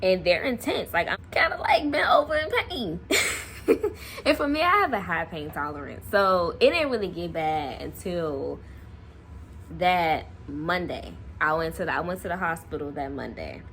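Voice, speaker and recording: A young woman vlogger casually telling a personal story to camera, animated and laughing often. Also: on the low side, normal speed, a little hiss or hum. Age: young adult.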